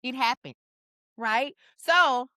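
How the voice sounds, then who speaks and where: Brief: woman podcast co-host, bright forceful tone, dry close sound, expressive storyteller who leaps up in pitch to make a point. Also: takes it slowly, no room sound. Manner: animated, expressive, jumps in pitch for emphasis. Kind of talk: casual conversational storytelling.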